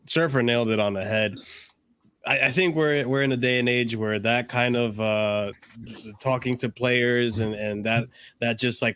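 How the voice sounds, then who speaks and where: A man's voice: medium pitch, a bit bright. A man with a mid-range voice talking football on a casual stream panel. He rambles loosely, dropping fillers and chuckling as he goes.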